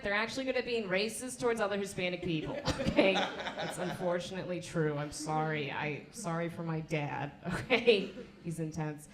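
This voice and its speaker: A woman's voice: lowish voice, fairly bright tone. A young woman doing a candid, self-deprecating stand-up set on a club stage with a handheld mic, chatting with the crowd. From Argentina (family). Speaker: stand-up comedian. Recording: roomy club sound.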